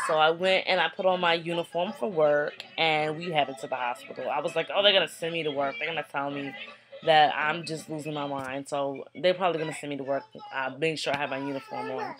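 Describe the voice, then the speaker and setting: A young woman with a slightly low voice recounts a personal story to camera in a loose, chatty way. She keeps it animated and slips into the voices of the people in the story. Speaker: vlogger.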